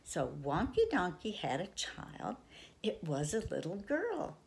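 An older woman reading a picture book aloud to children, in a playful sing-song way with sudden soft whispers. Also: deep voice, big pitch swings, measured pace, vocal fry. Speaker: children's storyteller.

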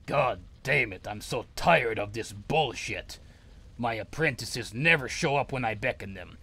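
Male gamer, bright tone, ranting and cursing through his commentary. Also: lowish voice, moderate pace, vocal fry, husky. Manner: angry, profane, ranting. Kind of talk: let's play commentary.

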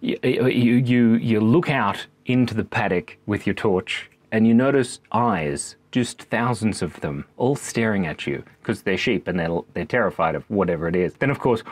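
Brief: thirties man, husky voice, lively swooping delivery, joking playfully about animals. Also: mid-range voice, dry recording. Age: 30s. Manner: playful, breaks into animal noises and laughs. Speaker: vlogger. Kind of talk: rambling comic monologue. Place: backyard cubby house.

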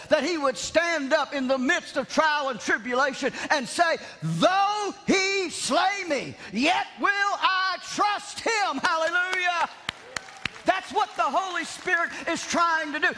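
High, bright shouting preacher man. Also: normal speed. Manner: shouting, animated, self-mocking humor. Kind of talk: revival sermon. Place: large church. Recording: long hall reverb in church.

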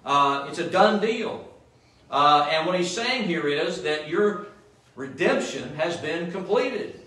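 Preaching slowly in a church sanctuary, a man with a fairly high, pushed, bright voice and lively intonation keeps checking in with the congregation by asking "Amen?" The distant mic picks up the room's echo.

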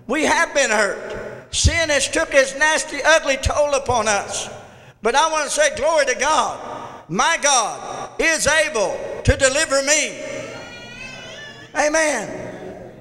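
High, bright-voiced fervent preacher man. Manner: fervent, repetitive preaching with shouted climaxes. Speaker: pastor. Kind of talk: Pentecostal sermon. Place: church sanctuary. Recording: long church reverb.

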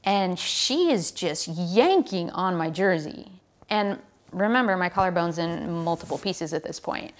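An American woman, a professional cyclist, telling a story in a casual, animated way and acting out the lines people said to her. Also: fairly low pitch, a little slow. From United States. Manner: animated, relives the scene with quoted lines.

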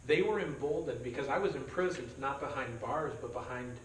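Going verse by verse, a man pastor guides a conversational Bible study in a church meeting room, joking and dramatizing the quoted speakers. He talks a little fast in a medium-pitched voice, captured roomily from afar with slight background noise.

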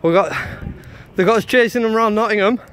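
A man's voice: sits high, fast, fairly bright tone, a little hiss or hum. A man filming on a city street with a handheld camera, talking casually and pushing back with repeated questions. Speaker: citizen journalist filming police.

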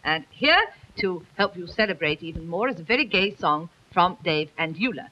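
A woman's voice: fairly low pitch, expressive, moderate pace, sharp tone, a little hiss or hum. A woman presenting a light entertainment TV programme, chatting and teasing the musicians before reading out birthday greetings in a studio. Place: television studio. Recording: dull lo-fi 1950s TV recording.

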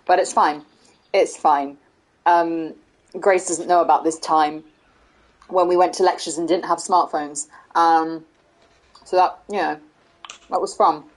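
A woman's voice: lowish voice, fairly even intonation, measured pace, long pauses. A middle-aged woman hosting a casual live stream, bubbly and laughing often as she greets viewers. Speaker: streamer and host.

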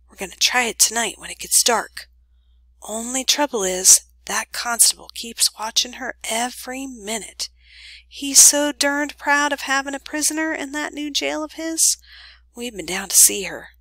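A woman voicing an earnest young man who talks quickly and quietly in plain country speech, in a storybook reading. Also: a little high, no echo, pitched above the performer's own voice, heavily acted, poor audio. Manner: hushed, hurried, country speech.

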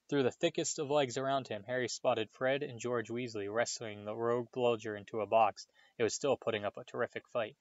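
A man reading a novel aloud in a steady storytelling voice, with small slips now and then. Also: mid-range voice, brisk, hardly any pauses, dry recording, muffled recording. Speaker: audiobook reader.

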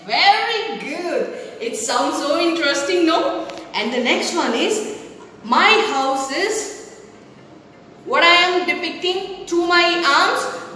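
Slow, high Indian English woman teaching children. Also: animated, sharp tone, heavy reverb, big-room sound, a little hiss or hum. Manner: sing-song, coaxing, slow. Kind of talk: children's rhyming lesson.

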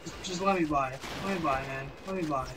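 A man's voice: a little high, brisk, noisy background. A young man giving casual gameplay commentary, swearing and grumbling in frustration. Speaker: gaming video creator. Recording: game music playing behind.

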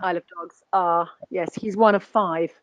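A woman's voice: fairly low pitch, steady tone, unhurried, no echo, lo-fi sound. A woman guest actor speaking in a conversational webinar interview, thoughtful and anecdotal, often restarting her sentences. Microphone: video call.

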